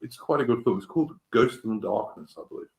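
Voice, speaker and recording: A man's voice: mid-range voice, expressive, quick pace, gravelly. A man hosting a casual political talk show, rambling and emphatic, with rhetorical questions. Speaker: host.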